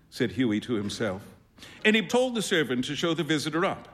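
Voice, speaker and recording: A man reading a classic short story aloud on stage, in an expressive storytelling manner. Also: a little high, a little fast, long reverb tail. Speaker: performer.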